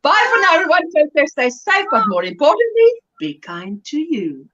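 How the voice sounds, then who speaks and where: A South African woman chats playfully and giggles as she hosts a crochet livestream and reads out viewer comments. Her voice is high, bright and very lively. The audio sounds slightly muffled. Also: moderate pace. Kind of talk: casual chat reading viewer comments.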